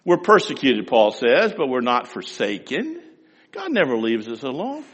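A man's voice: mid-range voice, huge pitch swings, normal speed, breathy edge. Folksy preacher man in a reverberant hall. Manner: folksy storytelling with wide swings in loudness. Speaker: pastor. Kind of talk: sermon.

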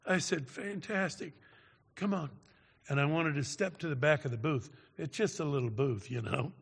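A man's voice: on the high side, expressive, a little fast, gravelly, husky. A man preaching, telling a story dramatically and often checking in with "all right?". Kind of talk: sermon storytelling. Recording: long reverb of a large hall.

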